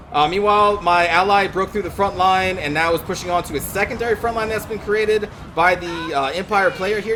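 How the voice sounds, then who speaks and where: A man casually commentating his own strategy game match, quick and excitable, swearing when things go wrong. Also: high voice, noisy background.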